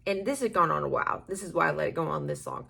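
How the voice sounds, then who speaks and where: A woman's voice: sits low, lively intonation, very fast, vocal fry, sharp tone, slightly rough. A woman teacher chatting at home while getting ready, rambling and self-deprecating with occasional laughs. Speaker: schoolteacher. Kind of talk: casual get-ready-with-me chat.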